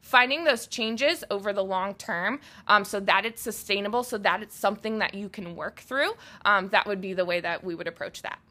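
A woman nutrition coach answering questions as a guest in a casual podcast interview at a fitness gym, in a relaxed, plain-spoken way. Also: medium pitch, moderate pace, hardly any pauses.

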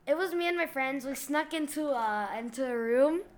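High-voiced giggly woman reading posts. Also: normal speed. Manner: giggly, slangy, animated. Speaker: host reading online posts. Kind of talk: casual commentary and reading aloud.

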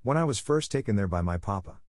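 A man doing a quiet young orphan girl. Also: lowish voice, lively intonation, fast, no echo, clean studio sound, natural voice. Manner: quiet, soft-spoken.

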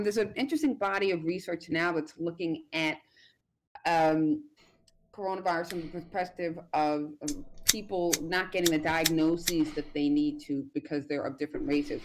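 An American woman with a somewhat low voice explains things patiently as a guest doctor on a podcast. She talks in a measured, hedging way, filling pauses with frequent ums. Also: background noise. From United States. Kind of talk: explanatory interview answers.

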